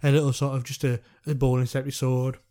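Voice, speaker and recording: Brief: podcast host, mellow and dark-toned, easygoing delivery. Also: mid-range voice, flat delivery, quick pace. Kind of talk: casual film podcast chat.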